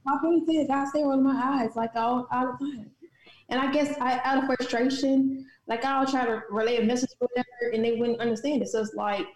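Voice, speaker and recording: A woman's voice: sits high, fairly even intonation, brisk, reverberant, rough recording. A woman from St. Louis, a guest author and speaker, telling her story candidly with many restarts in an interview. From St. Louis, USA. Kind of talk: interview conversation.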